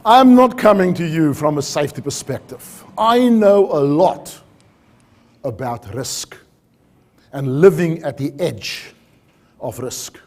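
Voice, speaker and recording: A man's voice: fairly high pitch, lively intonation, takes it slowly. A man giving a storytelling keynote talk on safety, acting out dialogue with animation. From South Africa.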